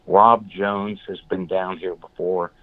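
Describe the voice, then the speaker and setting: Man, low voice, blunt, animated storyteller, phone-like audio, dry. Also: slow, no room sound. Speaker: guest. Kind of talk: storytelling in an interview.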